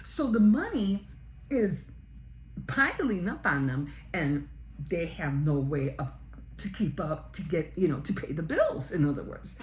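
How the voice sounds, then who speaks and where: A woman with a fairly low voice and lively, swooping pitch chats casually about her reading, retelling scenes in a rambling way full of fillers. The room around her is echoey, with a faint hum of ambience behind. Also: unhurried. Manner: chatty storytelling, retelling scenes with many fillers. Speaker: book vlogger. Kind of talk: casual book chat.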